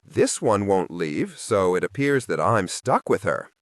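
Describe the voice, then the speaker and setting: Samarin, a gentle, soft-spoken man of magic, voice low and smooth with a wide, lively lilt, courteous even when worn thin by patience, as a male narrator puts him on. Dry, close sound. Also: unhurried, no room sound. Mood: exasperated.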